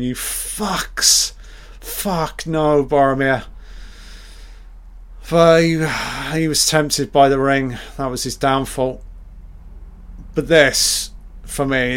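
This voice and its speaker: A man doing a live film reaction commentary, excitable and swearing constantly as he blurts out reactions. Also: mid-range voice.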